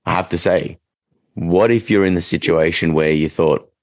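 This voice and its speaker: A low-voiced man hosts a casual podcast, rambling through his points and acting out what clients say. The sound is dry and close, with no room around it. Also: normal speed, no room sound. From Australia. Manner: rambling, animated when quoting clients. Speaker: dog trainer, podcast host.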